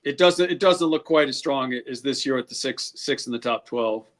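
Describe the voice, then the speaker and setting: A man's voice: mid-range voice, moderate pace. A man being interviewed as a guest, talking candidly with lots of restarts. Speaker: draft scout, guest. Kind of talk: casual interview talk.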